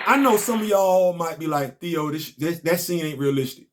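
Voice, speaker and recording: A man's voice: fairly high pitch, normal speed, few pauses, background noise. A man, casually recapping a comic book and telling stories on his podcast. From Southern US. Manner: animated, storytelling, rising to emphatic outbursts.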